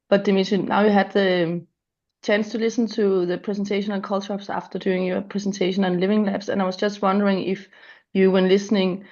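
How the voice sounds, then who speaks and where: A woman with a sick voice asking questions politely and in a measured way at an online workshop. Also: mid-range voice, level tone, darkish tone, muffled recording.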